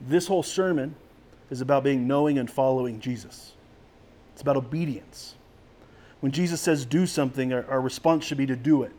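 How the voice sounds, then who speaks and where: A man's voice: medium pitch, moderate pace, a little mellow. A man preaching a sermon as a pastor in a conversational way, with frequent restarts.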